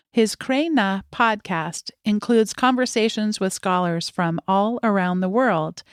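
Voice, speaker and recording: Woman podcast host, mid-pitched, dry close mic, reads the intro and jokes around. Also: clear, resonant tone, no room sound. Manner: playful and jokey in chat, steady when reading the intro. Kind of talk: podcast interview.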